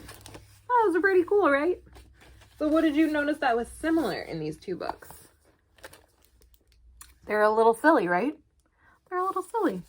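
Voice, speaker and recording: A woman's voice: high voice, normal speed, pauses often. A woman librarian reading picture books to children in a virtual storytime and asking them questions. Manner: animated, asks children questions.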